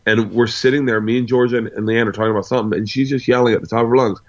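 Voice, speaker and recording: A man's voice: mid-range voice, fast talker, hardly any pauses, muffled recording. A man in his forties, a guest on an interview show, telling rambling anecdotes full of asides. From United States. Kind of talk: casual storytelling.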